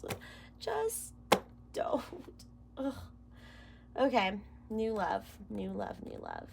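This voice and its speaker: A woman's voice: medium pitch, huge pitch swings, slow pace, gravelly, very noisy. A woman doing a casual tarot reading to camera, emotional and close to tears, rambling and dropping into whispers. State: near tears. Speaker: tarot reader.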